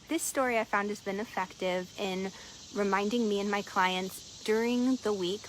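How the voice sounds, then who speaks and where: A woman coach telling a parable and guiding listeners through a centering exercise at an unhurried storytelling pace. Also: medium pitch, fairly even intonation, slight background noise, low-quality recording. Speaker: productivity and meditation coach. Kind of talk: storytelling talk on mindfulness.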